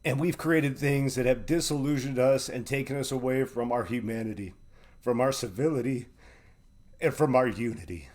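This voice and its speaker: A man's voice: mid-range voice, moderate pace, a little mellow. A man hosting his own live online show, giving a preachy, emotional monologue full of swearing and repeated "right?". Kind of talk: impassioned live-stream monologue.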